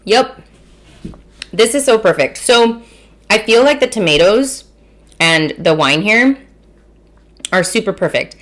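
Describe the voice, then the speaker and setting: A woman's voice: medium pitch, animated, takes it slowly, long pauses, fairly bright tone. A woman in her thirties from Texas hosting a casual food and wine podcast, chatty, self-mocking and swearing freely while she eats. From Mission, Texas. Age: 30s. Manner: eating and tasting while talking. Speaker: podcast host.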